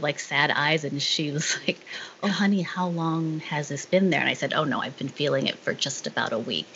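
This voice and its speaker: A woman candidly recounting a personal experience in casual conversation, halting with fillers and restarts. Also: on the low side, a bit bright. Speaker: guest sharing her story. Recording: dull lo-fi sound with faint noise.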